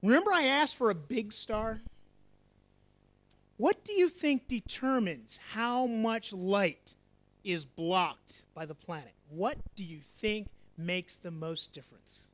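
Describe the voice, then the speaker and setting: A man's voice: high voice, takes it slowly. A man giving an interactive astronomy lecture to a live festival audience, coaxing volunteers and quizzing the crowd. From USA. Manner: lively, coaxing, asks the audience questions.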